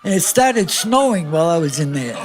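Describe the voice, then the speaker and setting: A man's voice: on the high side, very animated, brisk. An older man telling a long, rambling, profane story as a stand-up guest, chuckling at himself as he goes. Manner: profane, meandering, laughs at himself. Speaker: comedian guest. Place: comedy club stage. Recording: live club with crowd and music.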